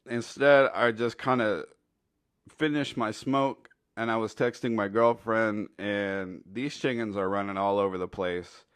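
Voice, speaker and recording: Man, lowish voice, dry close sound, casual comedic storytelling, rambling, profane. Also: steady tone, measured pace, a bit bright, smooth, dry recording. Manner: laid-back, profane, rambling. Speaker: storytelling commentator.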